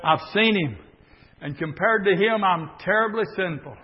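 A male preacher delivering a sermon in a church, building from steady talk into shouted bursts. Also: high voice, moderate pace. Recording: dull recording in a reverberant church.

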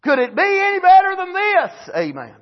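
A man preaching a fervent sermon, swinging between loud shouted lines and low asides, with frequent amens. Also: huge pitch swings, normal speed, dull audio.

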